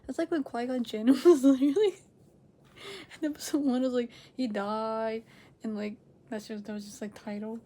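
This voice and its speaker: A woman hosting a reaction video, chatting casually at home. She rambles, corrects herself and laughs often, swinging between loud excited bursts and quiet near-whispers. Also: on the high side, moderate pace. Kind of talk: casual chat to camera.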